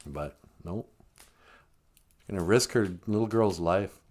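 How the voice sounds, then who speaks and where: Sitting low and a little mellow, a man's voice moves at a slow pace as he tells a folk tale on a live stream. The storyteller rambles casually, tossing in joking asides and fixing his own words.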